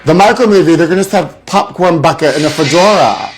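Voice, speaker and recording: A man's voice: fairly high pitch, expressive, fairly quick, faint music behind. A man hosting a live celebrity gossip show, theatrical and mock-frightened, calling his viewers honey. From Los Angeles area.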